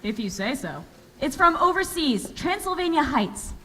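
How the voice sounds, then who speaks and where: A woman playing a brisk, matter-of-fact telegram messenger in a school stage musical. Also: high-pitched, sing-song, pushed and bright, exaggerated voice. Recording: long hall reverb, faint room noise.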